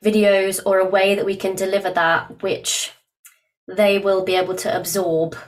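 A woman hosting a podcast, asking her guest measured questions. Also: medium pitch, flat delivery. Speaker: podcast host. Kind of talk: podcast interview.

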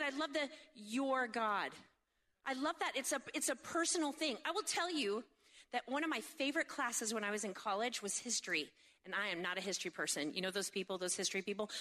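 A woman delivering a humorous sermon in a high, bright voice, animated and jokey, full of quick asides. She keeps checking in with the crowd through rhetorical questions. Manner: seeks agreement with frequent rhetorical questions. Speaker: speaker at a faith event.

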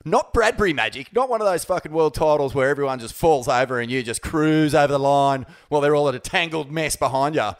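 Sweary Australian man, lively swooping voice. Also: fairly high pitch, fast, few pauses. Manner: sweary, laid-back, swoops into mock voices. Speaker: co-host. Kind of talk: casual sports chat banter.

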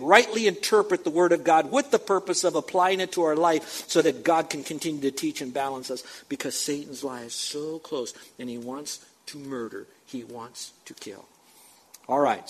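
A man preaching in a church, his voice sitting a little high for a man. He presses his points hard, repeats words for emphasis and talks straight to his listeners. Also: slightly rough, rough recording. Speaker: pastor. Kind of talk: sermon. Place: church sanctuary with a screen.

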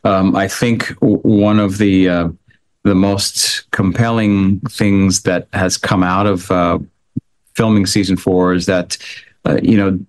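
A low-voiced man speaks in a gentle, halting way as an interview guest. He pauses often, restarting his phrases with fillers. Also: flat delivery. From American. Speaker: actor guest. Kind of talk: interview answers.

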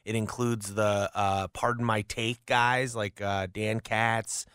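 A man speaking as a guest on a sports talk show, his voice bright and edged. The sound is close and dry, with no room around it. He rambles through stories and keeps correcting himself mid-sentence. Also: on the low side, little pitch movement, takes it slowly, smooth, no room sound. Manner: rambling, self-correcting storyteller. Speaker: newspaper columnist, radio guest. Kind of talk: casual chat.

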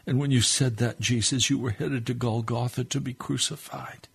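Gravelly, fervent man praying on radio. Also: medium pitch, fairly even intonation, normal speed, fairly bright tone. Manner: fervent, pleading prayer that swells and drops. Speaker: radio preacher. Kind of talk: sermon prayer.

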